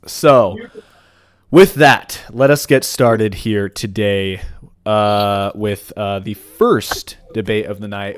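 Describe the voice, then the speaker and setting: A young man hosting a casual podcast chat, rambling and restarting his sentences, quick to laugh. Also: lowish voice, lively intonation, smooth, no echo. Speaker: podcast host.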